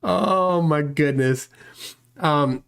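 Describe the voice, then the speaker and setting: A man's voice: on the high side, drawn-out words, creaky, noisy background. A man hosting a casual livestream, reading viewer comments aloud and rambling with self-deprecating chuckles. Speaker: livestream host.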